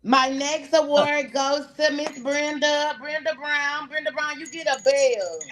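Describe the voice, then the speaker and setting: High-voiced teasing woman comedian. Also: fairly even intonation, unhurried, fairly bright tone. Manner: teasing, giggly, bawdy jokes. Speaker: comedian panelist. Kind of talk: playful comedy banter. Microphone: video call.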